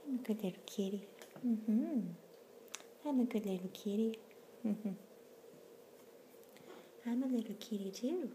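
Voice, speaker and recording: A woman voicing a small, playful kitten in soft, cooing baby talk. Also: a little high, measured pace, pauses often, a little hiss or hum, pitched above the performer's own voice, natural voice. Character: small sweet kitten, playful and good-natured.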